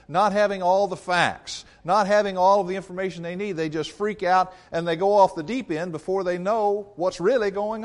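A male preacher delivering a sermon in a folksy, conversational way, with emphatic bursts and a refrain he keeps repeating. His voice sits a little high for a man.

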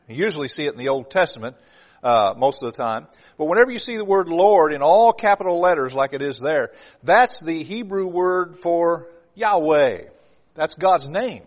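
A man preaching a sermon to his congregation, reading scripture aloud with slow, stressed emphasis and speaking to them in an earnest, direct way. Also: fairly high pitch.

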